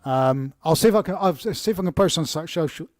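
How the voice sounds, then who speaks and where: A man's voice: fairly high pitch, animated, fast, a little mellow, no room sound, studio quality. A man with an English accent hosting a casual live Q&A, reading viewer questions aloud and answering with chatty fillers and restarts.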